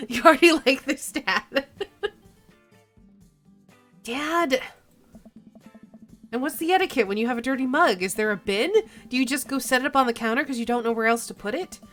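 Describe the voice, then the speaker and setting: A woman's voice: a little high, fast, hardly any pauses, a bit bright, soft background music. A woman streaming a game, chatting playfully, giggling often and reading the story aloud. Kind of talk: let's play commentary and reading.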